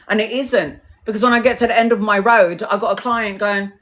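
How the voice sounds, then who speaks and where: Chatting on a live stream, this tarot reader is a lively storyteller who curses without restraint and mimics others' words. She speaks at a normal speed in a slightly high voice.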